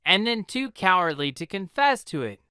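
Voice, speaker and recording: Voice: mid-range voice, very animated, normal speed, sharp tone, clear, resonant tone, no room sound, clean studio sound, voice pushed up. A reader voicing a taunting street brawler. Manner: taunting, insulting. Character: quarrelsome man of a feuding family. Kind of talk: storybook reading for English learners.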